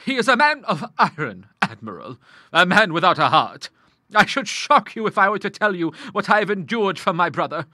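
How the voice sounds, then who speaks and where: A man's voice: high voice, very animated, normal speed, bright, forceful tone, no room sound, clean studio sound, voice pushed up, heavily acted. A man reading an audiobook, voicing a stern, grim middle-aged woman who speaks severely and with scornful emphasis. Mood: vehement.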